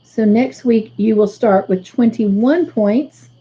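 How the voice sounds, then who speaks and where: A woman hosting a casual livestream, slowly tallying up points for viewers. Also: on the high side, dark tone, dull audio. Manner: slow, careful tallying of points. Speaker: livestream host.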